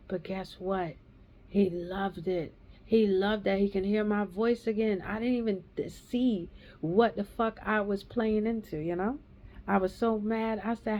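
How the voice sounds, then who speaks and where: A woman in her thirties or forties giving a raw, angry personal testimony, ranting and swearing heavily. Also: medium pitch. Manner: heated, profane ranting. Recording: dull lo-fi recording.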